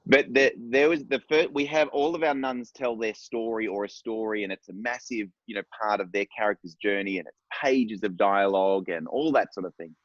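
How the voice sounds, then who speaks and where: A low-pitched man talks through a long anecdote in a loose, rambling way, restarting his sentences. The sound is dry and a little dull, as on a video call. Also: fairly quick, few pauses, dry recording. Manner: rambling, warm storytelling with restarts. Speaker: director on a panel. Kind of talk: casual panel discussion.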